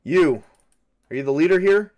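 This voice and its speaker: A man's voice: mid-range voice, brisk, close to an everyday voice. A domineering middle-aged army sergeant, put on by a man in a solo tabletop game. He barks his claims and orders in a plain, bossy tone. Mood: commanding. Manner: bossy and commanding.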